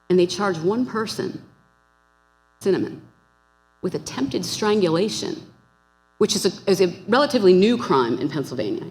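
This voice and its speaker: Woman panelist in a reverberant hall. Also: on the low side. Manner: earnest, argumentative, restarts mid-phrase. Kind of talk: academic panel talk. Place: conference hall.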